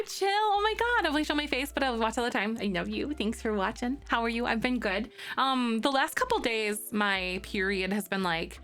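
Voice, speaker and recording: Bubbly young woman streamer, kinda high voice, chatting w chat while she plays, little game music under it. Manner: bubbly, greets chat by name, squeals when excited. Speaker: Twitch streamer.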